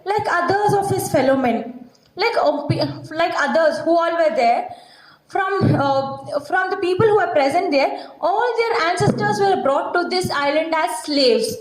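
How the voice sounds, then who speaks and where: A woman's voice: very high voice, expressive, measured pace. A woman English teacher with an Indian accent who reads out a textbook passage and then explains it in simple words, checking in with her class as she goes. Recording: echoey room.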